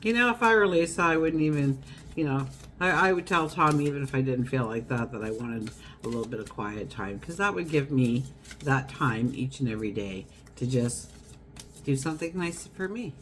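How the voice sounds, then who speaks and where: A woman's voice: extremely low pitch, lively intonation, normal speed, slight background noise. Chatty woman giving a tarot reading. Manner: chatty, wandering, acts out everyday scenes. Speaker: tarot reader. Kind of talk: casual tarot horoscope reading.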